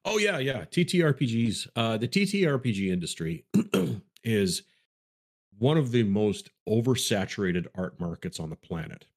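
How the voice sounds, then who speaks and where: A man's voice: on the low side, very animated, moderate pace. A man co-hosting a casual podcast, reading listener questions and answering in a wry, rambling, self-deprecating way.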